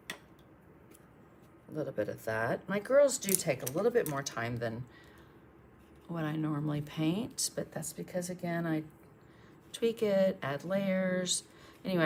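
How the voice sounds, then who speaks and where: This low-pitched woman chats through a live painting tutorial as an art instructor, voicing her thoughts mid-brushstroke and showing gratitude for viewer comments. Faint hiss or hum is audible.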